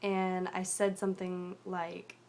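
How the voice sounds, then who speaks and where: A young woman telling a personal story in a video diary, rambling and confessional with many fillers, often dropping to a quiet mutter. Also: fairly low pitch, monotone, slow pace, creaky.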